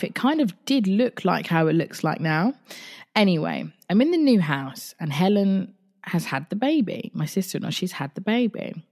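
A woman's voice: low voice, darkish tone. A woman podcast host, candidly retelling a personal dream in a chatty, casual way with some swearing. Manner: recounts a dream in the present tense.

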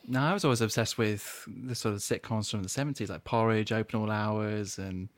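A man's voice: fairly low pitch, steady tone, fairly quick. A man in his twenties hosting a casual interview, eagerly chiming in and agreeing. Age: 20s. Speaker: podcast host.

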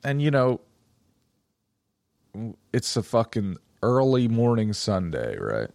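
A man casually telling a story in animated, profane chat with friends. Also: medium pitch, slow, vocal fry, no echo. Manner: animated, profane storyteller who acts out quotes.

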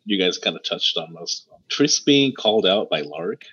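A man in a casual book discussion, relaxed and a little hesitant as he talks. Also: sits low, moderate pace, breathy edge. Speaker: book club member. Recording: dull lo-fi recording.

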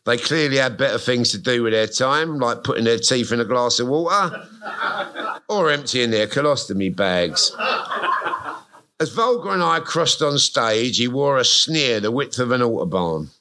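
A man's voice: medium pitch, lively intonation, a little slow, bright, forceful tone, a little hiss or hum. Wry man reading his memoir. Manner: wry, comic storytelling with self-mocking asides. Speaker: guest author. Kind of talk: reading his memoir aloud to a live audience. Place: live music venue stage.

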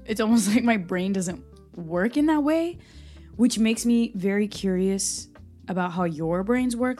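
A woman's voice: fairly low pitch, a little mellow. A woman from Brazil hosting a solo Q&A podcast, talking passionately and emphatically. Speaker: podcast host.

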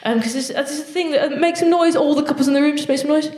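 A woman's voice: sits high, rapid-fire, darkish tone, some chatter behind. A woman performing a stand-up set at a live show, chatting with audience members between jokes. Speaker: stand-up comedian. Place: large live venue before an audience. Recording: roomy live hall with faint noise.

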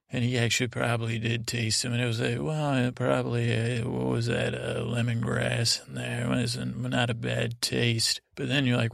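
A man with a gravelly voice drifts through a rambling bedtime story, circling back on himself with restarts and trailing asides. His delivery stays flat and even, and the sound is dry and close. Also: dry recording. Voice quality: gravelly, low-key drone. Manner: meandering, halting, with many restarts and trailing asides. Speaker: sleep podcast host.

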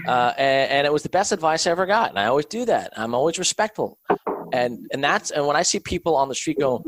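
A man's voice: on the high side, expressive, fast, fairly bright tone, dry recording. Agreeable man in a dry, close sound. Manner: agreeable, anecdotal, hesitant restarts. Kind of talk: casual conversation.

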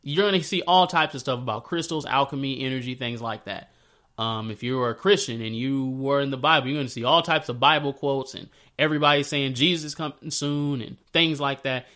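Casual slangy man telling a story. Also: mid-range voice. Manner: slangy, conversational, animated when retelling scenes. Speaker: speaker sharing a faith story. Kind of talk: casual spoken reflection.

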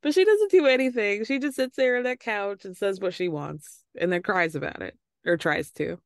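A woman's voice: mid-range voice, expressive, normal speed, no room sound. Snarky woman podcast host, dry sound. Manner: snarky, swears, laughs often. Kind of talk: casual recap chat.

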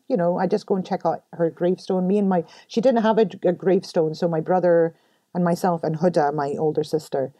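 A woman's voice: sits low, mellow, no echo. A middle-aged woman with a mainly American accent and a light Scottish touch, talking candidly as a podcast guest and laughing often. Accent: American-tinged English with a light Scottish touch. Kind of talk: casual interview talk. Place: home room.

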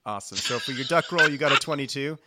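A man's voice: medium pitch, quick pace, very noisy. A man narrating a tabletop game as game master, chatty and jokey. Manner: chatty, jokey, trails off with ums.

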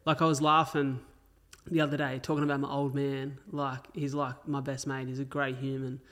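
A man's voice: mid-range voice, little pitch movement, moderate pace, fairly bright tone. An Australian man hosting a casual podcast, telling personal stories in an earnest, open way with some swearing. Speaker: podcast host. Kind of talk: casual chat.

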